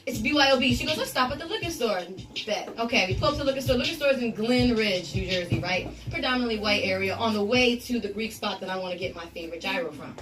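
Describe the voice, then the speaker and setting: A young woman on a radio show, telling a story in a lively, profane, vivid way. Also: mid-range voice, fast, few pauses, music in the background. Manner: animated, profane, vivid retelling. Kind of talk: casual storytelling chat. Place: radio studio. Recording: voice distant from the mic.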